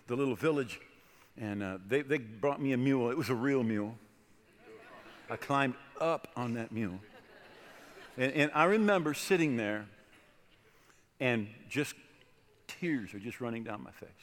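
A middle-aged American man preaching, telling a personal story in an animated way and often checking in with "right?". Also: medium pitch. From United States. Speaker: pastor. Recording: long hall reverb.

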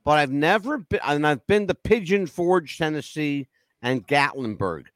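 Casting: lively, higher-pitched male co-host, jokey and loud, dry close mic. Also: measured pace, no echo. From United States. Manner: animated, joking, loud laughs. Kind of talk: casual roundtable chat.

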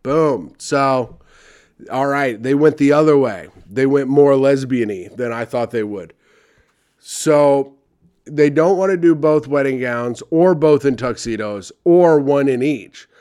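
A man's voice: medium pitch, slow pace, a little mellow, clean tone. A young man reading advice letters aloud and ranting about them with sarcastic, profane commentary. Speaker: comedy podcast host reading advice columns.

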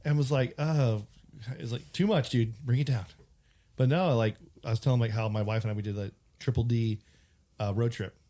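A man hosting a podcast, telling stories in casual chat and slipping into quick imitations. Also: mid-range voice. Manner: animated storyteller, slips into imitations. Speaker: podcast host.

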